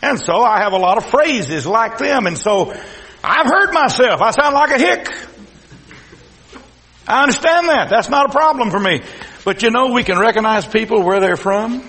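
A man with a Texas accent preaching a sermon as pastor, folksy and swinging from loud to hushed. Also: extremely high pitch, lively intonation, moderate pace. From South Texas. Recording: echoey hall reverb.

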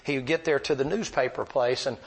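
An older man preaching a folksy, animated sermon full of stories. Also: mid-range voice, fairly quick. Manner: folksy, animated, acts out voices. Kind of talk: sermon with storytelling.

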